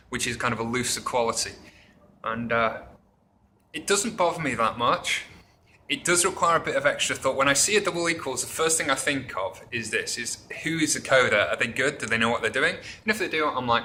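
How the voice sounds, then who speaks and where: A man gives a casual coding tutorial in a very bright, tense voice. He rambles with many fillers and reaches for everyday analogies. Faint noise sits under the recording. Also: mid-range voice, rough recording. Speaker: programming instructor.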